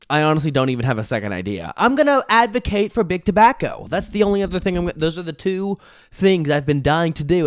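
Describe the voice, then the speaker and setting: A young man doing a rambling comic monologue, deadpan and self-pitying, sometimes cracking up at himself. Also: a little high, dry recording, studio quality. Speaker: comedian.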